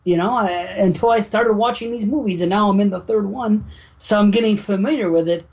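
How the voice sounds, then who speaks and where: A man's voice: sits high, a little fast, gravelly, a little mellow. A man talking casually about old comedy films he has just discovered, enthusiastic and swearing often. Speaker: podcast co-host. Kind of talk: casual chat.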